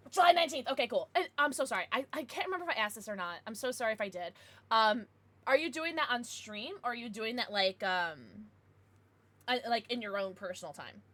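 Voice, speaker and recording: A young adult woman streamer chatting casually with her viewers, with excited outbursts. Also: on the high side, brisk. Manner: chatty, answers viewers, bursts of excited squeals. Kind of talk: casual live-stream chat.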